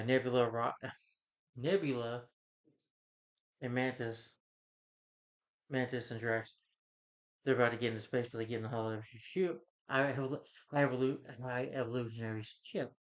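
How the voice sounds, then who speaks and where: A man at home recapping a film's plot in a loose, rambling way, full of "you know" and restarts. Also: mid-range voice. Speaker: movie reviewer. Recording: dull lo-fi sound.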